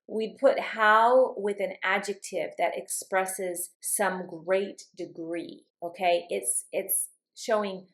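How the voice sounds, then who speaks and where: Female English teacher, unhurried delivery, demonstrates intonation in her example sentences; patient and explanatory. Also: mid-range voice. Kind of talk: slow, careful vocabulary lesson.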